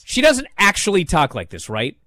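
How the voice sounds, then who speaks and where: A man co-hosting a casual podcast, ranting in an animated, exasperated way and mocking lines by reading them aloud. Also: sits high, moderate pace, no echo. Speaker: podcast co-host. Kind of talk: casual wrestling discussion.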